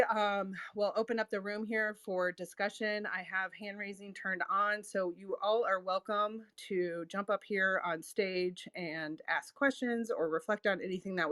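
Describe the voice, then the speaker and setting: A woman's voice: medium pitch, fairly even intonation, unhurried, a bit bright, no echo. A woman hosting an online audio room, chatting loosely with many ums and little laughs. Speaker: host. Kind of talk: casual chat.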